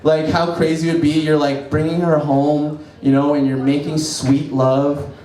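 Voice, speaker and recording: A man performing a stand-up comedy set in a cafe bar, telling stories in a quick, rambling way with lots of "right?" and "you know". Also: on the high side, little pitch movement, crowd noise. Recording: echoey bar room, camera from far off.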